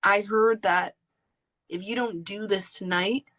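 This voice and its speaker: A woman hosting a podcast, candidly telling a personal story in an animated way and laughing often. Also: medium pitch, slow pace, rough recording. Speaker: podcast host.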